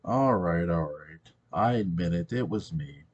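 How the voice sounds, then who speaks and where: A man's voice: deep voice, expressive, measured pace, dull audio. A man voicing a wealthy scheming man who speaks smugly and dismissively. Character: rich, scheming man, smug and cold.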